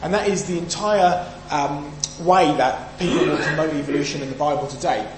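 A British man preaches a Sunday sermon, reading and explaining scripture with emphasis and questioning his audience. His voice is a little high, with fairly even intonation and normal speed. The recording has an echoey hall sound and a faint hum.

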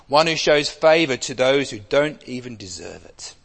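A man preaching an expository sermon, emphatic, with wide swings between loud and soft. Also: mid-range voice, animated, moderate pace, creaky. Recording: long hall reverb.

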